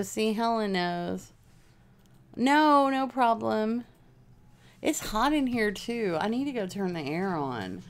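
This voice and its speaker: A woman hosting a casual crafting livestream from home, rambling chattily and answering viewers' comments by name. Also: mid-range voice.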